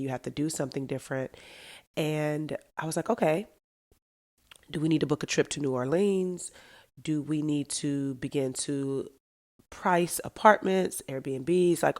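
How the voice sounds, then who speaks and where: A middle-aged woman hosting her own podcast, talking through her thoughts in a candid, heartfelt solo monologue that turns emotional at times. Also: deep voice. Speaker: podcast host.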